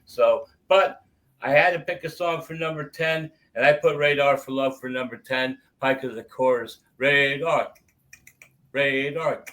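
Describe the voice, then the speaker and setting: A man with a bright, forceful voice gives his picks in a loose music chat. He repeats his points for emphasis and defends his taste. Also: mid-range voice, poor audio. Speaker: podcast co-host. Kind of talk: casual album ranking chat.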